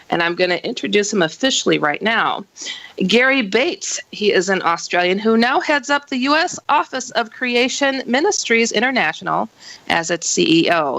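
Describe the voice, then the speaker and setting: A woman hosting a radio talk show, bubbly and quick to laugh, chatting casually with her guest. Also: gravelly, no room sound, rough recording. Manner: bubbly, laughs often, lively pitch jumps.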